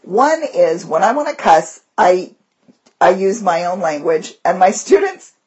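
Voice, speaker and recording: Husky-voiced teacher woman chatting. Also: fairly low pitch, a little slow, dull audio. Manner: animated storyteller, breaks into voices. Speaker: podcast co-host, teacher. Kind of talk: casual chat.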